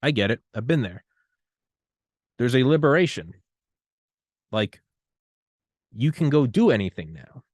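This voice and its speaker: A man hosting a podcast, talking in a loose, rambling way that turns loud and higher when he gets worked up. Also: big pitch swings, measured pace, pauses often, husky, no echo, studio quality. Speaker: podcast host. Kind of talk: casual conversation.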